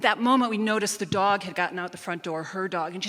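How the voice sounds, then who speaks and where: Woman telling her story on a stage, bright clear voice, big hall echo. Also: medium pitch. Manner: measured and emphatic. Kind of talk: live personal storytelling. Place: theater stage at a live storytelling event. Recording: reverberant live hall.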